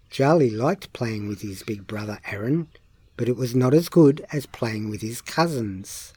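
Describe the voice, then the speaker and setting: Slow, lively male storybook reader. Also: medium pitch, breathy edge. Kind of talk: children's story read-aloud.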